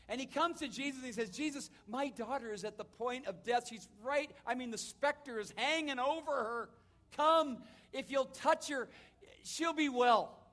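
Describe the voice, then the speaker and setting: A man with a high-pitched voice delivers a sermon as a vivid story. He swings between loud, urgent lines and hushed ones, acting out the people he quotes. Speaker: pastor.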